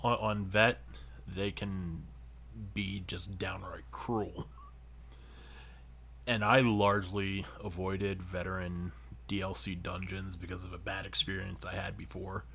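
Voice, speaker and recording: A man co-hosting a podcast, casually telling a long, profane gaming story that grows animated as he retells it. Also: low-pitched, unhurried, a little hiss or hum. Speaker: podcast co-host. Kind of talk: casual chat.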